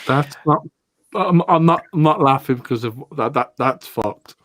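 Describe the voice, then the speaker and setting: A man's voice: medium pitch, animated, unhurried, fairly bright tone, no room sound. A man hosting a podcast, chatting bluntly with swearing and stammered restarts. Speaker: podcast host. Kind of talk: casual chat.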